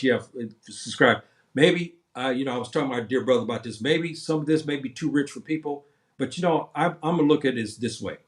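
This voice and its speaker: Man, 70s, livestream host; impassioned rambling monologue, repetitive, many restarts. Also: medium pitch.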